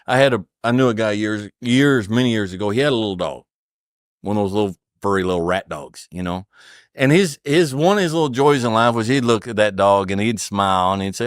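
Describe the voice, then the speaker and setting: On a podcast, a middle-aged guest offers conversational stories and advice on family and faith, in an earnest, sermon-like manner that repeats key phrases. His mid-range voice has lively intonation and moves a little fast, captured in clean studio sound with a clean tone and no echo.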